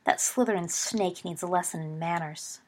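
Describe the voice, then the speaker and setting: A hot-tempered teenage schoolboy wizard growls blunt, irritable remarks in an audiobook story. A woman reads him in her own lowish voice. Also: normal speed, close to an everyday voice.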